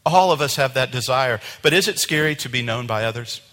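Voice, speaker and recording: Animated preaching man, bright voice. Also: mid-range voice, a little fast, in a large hall. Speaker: pastor. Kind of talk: sermon. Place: church sanctuary.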